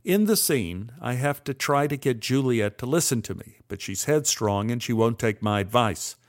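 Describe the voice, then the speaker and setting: A man's voice: mid-range voice, animated, moderate pace. An older man telling a personal story in a wry, dryly humorous way. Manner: wry, dry humor with acted-out quotes.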